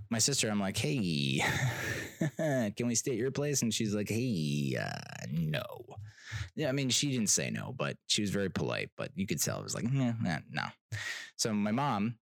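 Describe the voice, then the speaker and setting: A young man vents about a travel mishap in a loose, sarcastic storytime rant, laughing and swearing as he goes. His lowish voice swings widely in pitch. The sound is dry and close. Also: fairly bright tone, no echo. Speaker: vlogger telling a travel story. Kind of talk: casual ranting storytime.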